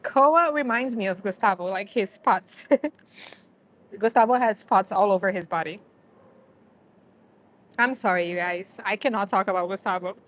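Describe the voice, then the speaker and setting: A woman's voice: medium pitch, moderate pace, pauses often, fairly bright tone. A woman hosting a casual livestream, chatting to viewers and a dog and laughing often. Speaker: livestream host.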